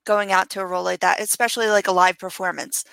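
A woman's voice: medium pitch, fairly even intonation, quick pace, creaky, fairly bright tone, clean tone. A woman co-hosting a casual video call interview, friendly and curious, asking questions and giggling along. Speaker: co-host.

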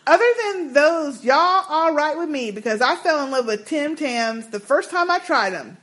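High, lively woman podcast co-host. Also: moderate pace. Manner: animated, reads emails aloud with sassy asides. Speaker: podcast co-host reading listener emails. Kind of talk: casual chat.

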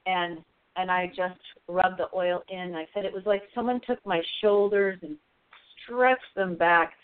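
Woman, earnest halting storyteller, tinny phone line, dry sound. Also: on the low side, fairly even intonation, clear, resonant tone, no echo. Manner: earnest, halting, many fillers. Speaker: guest. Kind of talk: personal storytelling on a radio show.

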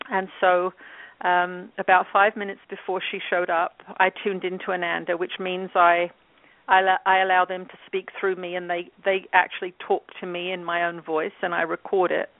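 A woman in her fifties from England talks through a relaxed story, leaning on plenty of fillers. Her voice has a gravelly edge and stays in a narrow, flat pitch band. It comes through a dry, tinny phone line. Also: normal speed, no echo. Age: 50s. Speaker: guest, channel and author. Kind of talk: casual interview talk.

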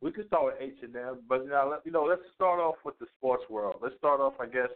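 Laid-back New co-host, mid-pitched man, phone-line tinny sound. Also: a little fast. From the Bronx, New York. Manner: laid-back, repeats "you know what I mean", chuckles. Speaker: podcast co-host. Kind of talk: casual sports and music chat.

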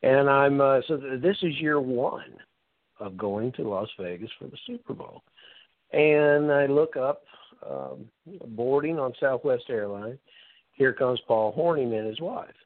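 A man's voice: medium pitch, animated, measured pace, no room sound. A man in his usual speaking range reminisces casually as co-host, with easy fillers and trailing sentences. The sound is dry and narrow, like a phone call. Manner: reminiscing, loose and conversational with fillers. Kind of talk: casual storytelling. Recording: dry phone-line audio.

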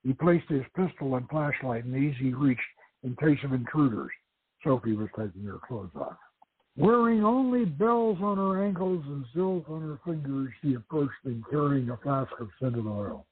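Over a tinny, phone-like radio line with no echo, a man hosting a radio show reads his own novel aloud. His narration is measured and story-like, delivered in an expressive, husky mid-range voice.

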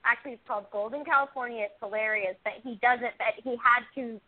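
High, giggly woman on a phone line. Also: fairly even intonation, fast. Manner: giggly, gushing enthusiasm. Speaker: TV review panelist. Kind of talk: casual chat.

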